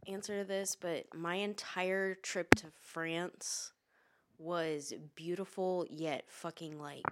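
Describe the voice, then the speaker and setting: Young woman rambling loudly, swearing. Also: lowish voice, takes it slowly, heavy background noise. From United States. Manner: rambling, swears a lot, gets loud and animated when arguing. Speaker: podcast co-host. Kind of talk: casual chat while eating hot wings.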